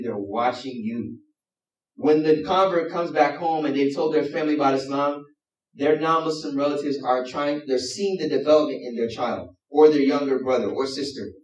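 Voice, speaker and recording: A man preaching a sermon, telling a story with lively acted-out quotes and sudden shifts between loud and hushed. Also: fairly high pitch. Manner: animated storytelling, acts out quotes with sudden swings in loudness. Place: mosque hall. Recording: roomy hall, mic at a distance.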